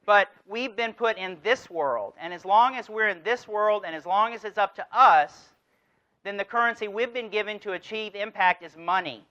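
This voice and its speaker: A man's voice: high-pitched, moderate pace, pushed and bright, lo-fi sound. A man giving a motivational keynote address, telling a story and driving his points home with rhetorical questions. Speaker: keynote speaker.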